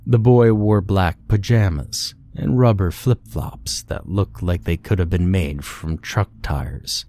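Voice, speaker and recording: Deep-voiced man narrating a grim horror story. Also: slow, hardly any pauses, warm tone, no room sound. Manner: grim, profane first-person storytelling. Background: faint music.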